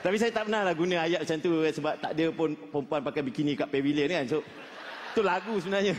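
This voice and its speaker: High-voiced Malaysian comedian on stage. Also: male voice, rapid-fire, in a large hall, background noise. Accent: Malaysian English. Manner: mixes Malay and English, hesitant fillers, chuckling. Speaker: stand-up comedian. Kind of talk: stand-up comedy routine.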